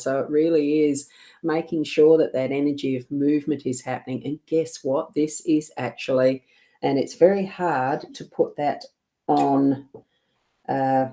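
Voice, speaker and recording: A woman with a South Australian accent giving a rambling, gentle card reading on a livestream from her home desk, often laughing. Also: deep voice. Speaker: psychic card reader.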